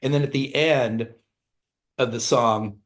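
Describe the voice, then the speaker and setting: A man's voice: medium pitch, slow. A middle-aged man, a rock singer, telling rambling stories in a casual interview, acting out quotes in raised voices and swearing freely. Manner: animated storyteller, acts out quotes in raised voices, laughs often. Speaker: songwriter and band singer, interview guest.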